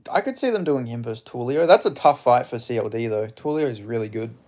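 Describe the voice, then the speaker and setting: A man's voice: medium pitch, lively intonation, fast, a little mellow. A young man hosting a live fight watch-along stream, chatting casually, reacting to strikes, reading viewer chat aloud and swearing freely.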